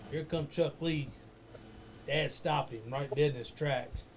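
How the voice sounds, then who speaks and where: A man's voice: a little high, fairly even intonation, measured pace, noisy background. A man casually telling a rambling, profane backstage story as a guest on a talk show, laughing as he goes.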